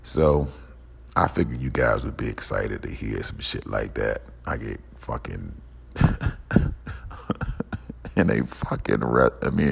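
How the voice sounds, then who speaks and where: A man's voice: a bass voice, vocal fry, husky. A man delivering a heated, profane, repetitive rant as a podcast host. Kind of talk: angry ranting monologue. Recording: long echoing reverb.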